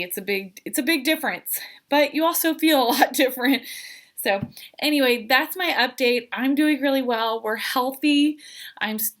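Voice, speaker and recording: A woman's voice: medium pitch, a bit bright. A pregnant woman in her thirties giving an earnest, emotional vlog update, hesitant and full of fillers. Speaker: vlogger.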